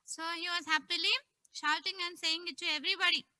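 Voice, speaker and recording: Bright-voiced storyteller woman. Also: very high voice, fast, no room sound, poor audio. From India. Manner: animated, asks children questions. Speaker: Sunday school teacher. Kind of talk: storytelling to children.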